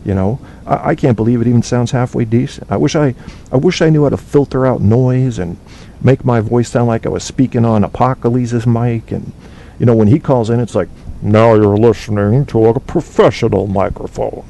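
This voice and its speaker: A man's voice: brisk, warm tone. A man hosting a casual podcast from home on a cheap microphone, talking bluntly and profanely in a rambling way while reading the live chat. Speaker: podcast host. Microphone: cheap low-quality microphone. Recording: faint noise on a low-bitrate stream.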